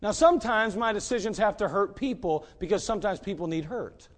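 A middle-aged man preaches a sermon with a high voice. He talks in a folksy, easygoing way, dropping joking asides. He keeps hammering home the same rhetorical questions. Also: expressive, a little fast. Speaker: pastor.

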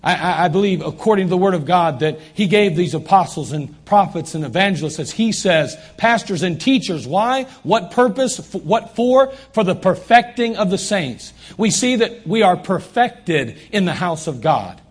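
Male pastor, sermon in a church, raspy tone, pressing points by repetition. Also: sits high, animated, moderate pace, few pauses. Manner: emphatic preaching with repeated phrases. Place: church sanctuary.

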